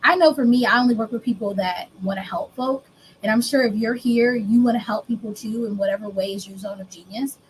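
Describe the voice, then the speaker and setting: Leading a business workshop, this woman talks a little fast in a voice pitched slightly above most. Her delivery is animated and conversational, often breaking into playful role-played exchanges with clients. The audio is poor, with slight background noise.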